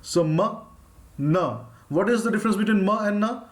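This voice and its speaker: A man with an Indian English accent, teaching a live phonics lesson and drawing out each sound slowly. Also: sits high. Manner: slow, drawn-out demonstration of sounds, reading out viewers' names.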